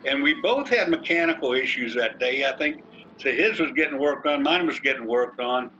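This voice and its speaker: An older man, telling racing stories in an animated, folksy way over a video call. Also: medium pitch, moderate pace, muffled recording, slight background noise. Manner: animated, folksy storyteller, colorful cursing. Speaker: racing driver guest.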